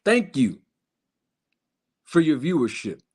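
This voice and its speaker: A man with a slightly higher voice hosts a live stream, talking straight to his viewers. He speaks emphatically and in repeating phrases, stretching out key lines for weight. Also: big pitch swings, slow. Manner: emphatic and repetitive, addressing viewers directly. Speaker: boxing YouTube channel host.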